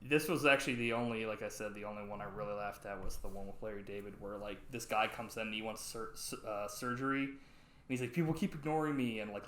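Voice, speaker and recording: Rambling podcast co-host in an echoey room. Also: male voice, on the low side. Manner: rambling, animated retellings with acted-out quotes. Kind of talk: casual chat reviewing old sketches. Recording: roomy echo.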